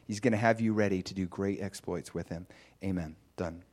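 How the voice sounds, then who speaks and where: Male preacher, testimony-style sermon; lively storyteller, spikes high when excited. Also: brisk. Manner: animated storytelling with sudden high excited bursts.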